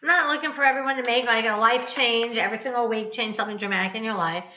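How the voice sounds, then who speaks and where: A woman's voice: fairly high pitch, fairly even intonation, quick pace, bright, forceful tone. A woman hosting a casual chat, talking in a chatty, teasing way. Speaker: host. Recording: roomy, dull lo-fi sound.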